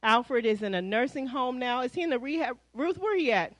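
A woman's voice: high-pitched, fairly quick, dry recording, low-quality recording. Chatty woman pastor making announcements. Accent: American. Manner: lively, chatty, addresses congregation as y'all. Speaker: pastor giving church announcements. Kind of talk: church announcements. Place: church sanctuary.

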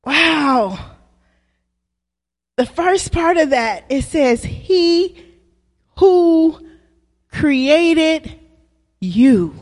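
A woman preacher giving a sermon in a church, using call-and-response and drawn-out, emphatic phrasing. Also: high-pitched, animated. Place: church sanctuary. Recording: long reverb of a hall.

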